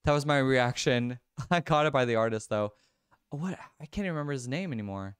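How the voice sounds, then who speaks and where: A man's voice: mid-range voice, expressive, fairly quick, clean tone, dry recording, studio quality. A young man livestreaming a music quiz, chatting casually, laughing often and answering viewers by name. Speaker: livestreamer and singer.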